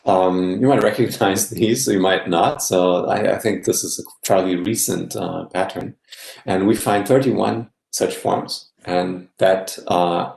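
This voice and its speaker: Gravelly man lecturing in an echoey room. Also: deep voice, darkish tone. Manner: measured, frequent "yeah?" checks. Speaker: guest lecturer. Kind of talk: academic lecture. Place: live-streamed online talk.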